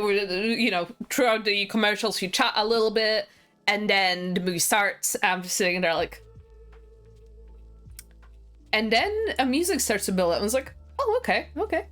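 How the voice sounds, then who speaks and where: Chatty excitable woman streamer. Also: mid-range voice. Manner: excitable, chatty, laughs often. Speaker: game streamer. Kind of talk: casual stream chat.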